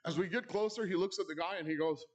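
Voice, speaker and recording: A man's voice: sits high, fast talker. A man hosting an awards ceremony, telling a comic story with playful asides to the audience at a live event. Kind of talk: comedic storytelling monologue. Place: live event in a club hall.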